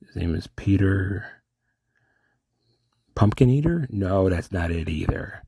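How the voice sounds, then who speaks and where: A man's voice: low voice, animated, takes it slowly, vocal fry, pauses often, dark tone, husky, dry recording, clean studio sound. A man performing a comic dialogue with himself, rambling, arguing and interrupting his own lines. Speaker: solo comedic performer. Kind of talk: self-dialogue character impressions.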